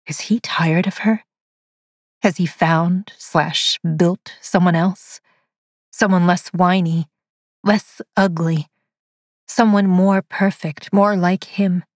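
A woman narrating a dark science-fiction story in a slow, measured, dramatic reading. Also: on the low side, no echo, studio quality. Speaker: audiobook narrator.

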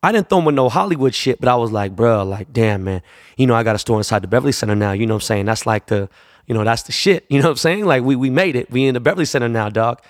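A man's voice: medium pitch, animated, fast, no echo, studio quality. A man, a jeweler, telling a long casual anecdote in a profane, rambling way, acting out the people he quotes. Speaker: jeweler and store owner.

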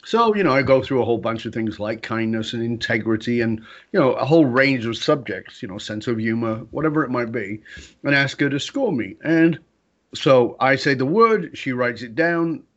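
Male guest, mid-pitched, animated storyteller who acts out dialogue; slightly dull lo-fi recording. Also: moderate pace. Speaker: interview guest. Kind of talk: storytelling in a conversation.

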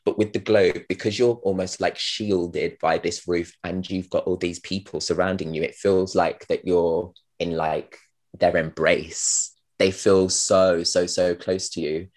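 An actor with a low-pitched, darkish voice chats casually as a podcast guest in an interview. His delivery is flat and unhurried, full of fillers and restarts, and he laughs at his own stories.

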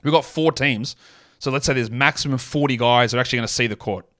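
A man with a mid-range, fairly bright voice hosts a fantasy basketball podcast at a quick pace. Working alone, he rambles through his picks, correcting himself and leaning on lots of fillers.

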